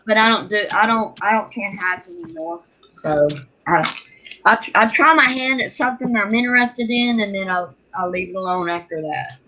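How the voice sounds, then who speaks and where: A woman's voice: medium pitch, moderate pace, background noise. A woman with a Southern Louisiana accent chatting casually, often restarting her sentences. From Louisiana, USA. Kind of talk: casual chat.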